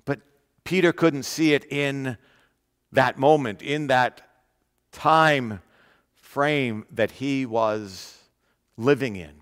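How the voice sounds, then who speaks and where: An earnest male pastor delivers a sermon at a medium pitch, repeating key phrases and drawing out important words. His voice carries a long reverb, as if heard in a large hall. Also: takes it slowly, long pauses, a bit bright.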